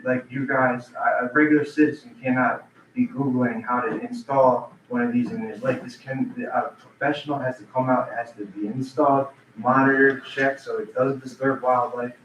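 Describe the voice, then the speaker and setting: A man's voice: mid-range voice, a little hiss or hum. A man giving public comment at a council meeting, talking in an urgent, earnest way and often restarting his sentences. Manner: repeats himself and restarts sentences. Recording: roomy, distant, dull meeting-room audio.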